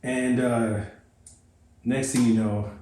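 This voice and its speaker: A man's voice: mid-range voice, level tone, takes it slowly, warm tone, roomy sound, a little hiss or hum. A man hosting a car channel, telling a story casually with lots of fillers and restarts. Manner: rambling, many fillers and restarts.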